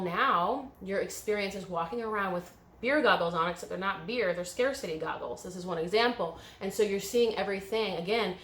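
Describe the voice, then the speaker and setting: A woman's voice: mid-range voice, reverberant. A woman giving an emotional pick-a-card tarot reading, coaching viewers through a guided visualization. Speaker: tarot reader.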